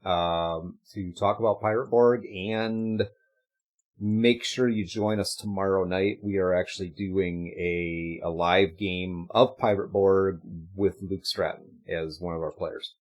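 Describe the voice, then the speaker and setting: A man's voice: low voice, fairly even intonation, slow pace. A man co-hosting a casual gaming livestream, announcing upcoming shows in an upbeat, rambling way with fillers. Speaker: podcast co-host.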